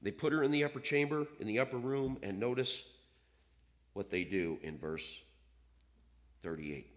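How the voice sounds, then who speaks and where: A man's voice: mid-range voice, moderate pace. A man preaching a sermon, reading scripture aloud and acting out the voices of the people in it. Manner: animated, acts out quoted voices, reads scripture aloud.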